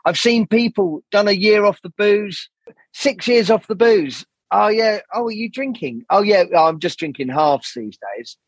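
A man with a high-sitting, animated voice and a breathy edge talks at a measured pace; the recording is lo-fi with no room sound. He's a jazz saxophonist appearing as a podcast guest, speaking candidly and rambling, swearing often and impersonating the people he quotes.

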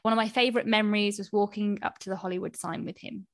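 A woman podcast co-host reads listener messages in a gentle, measured voice of middling pitch. She adds short, kind asides between them. The sound is close and dry. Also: fairly even intonation, dry recording. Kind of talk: reading listener messages aloud.

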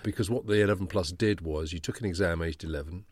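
Deep-voiced man, thoughtful explainer. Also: fast, darkish tone, dry recording, clean studio sound. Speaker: podcast co-host. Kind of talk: casual chat.

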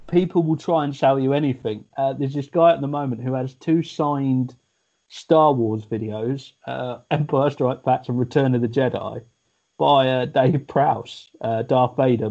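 A man's voice: medium pitch, mellow, dull audio. Chatty man rambling. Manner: rambling storytelling with restarts. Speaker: podcast co-host. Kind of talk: casual chat.

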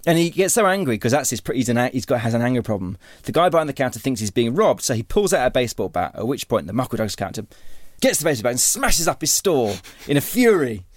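A man's voice: mid-range voice, sing-song, fast, few pauses, no echo. Man, author-teacher, rambling interview talk, lots of restarts, dry sound. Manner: rambling, many restarts and repeated words. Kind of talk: conversational interview.

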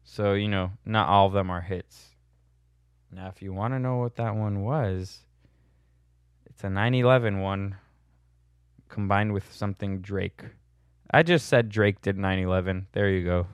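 Clean studio audio without echo captures a young man with a low-leaning voice responding to viewer questions. His casual monologue is blunt and sardonic, punctuated by chuckles at his own humor.

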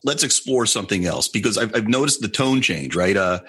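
A man's voice: on the low side, expressive, brisk, sharp tone, slightly rough. A man hosting an interview show, asking chatty, curious questions. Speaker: host.

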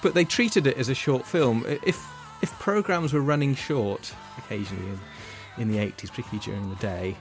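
A man's voice: medium pitch, a little fast, faint music behind. Rambling man telling a story. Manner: rambling, self-correcting storytelling. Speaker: podcast co-host. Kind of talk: casual chat.

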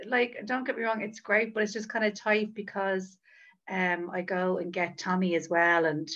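A woman, a working mother, co-hosting a comedy podcast and telling stories in a lively way, often laughing. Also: medium pitch, moderate pace, lo-fi sound. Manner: animated storyteller, laughs often. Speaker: podcast co-host. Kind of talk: casual podcast chat.

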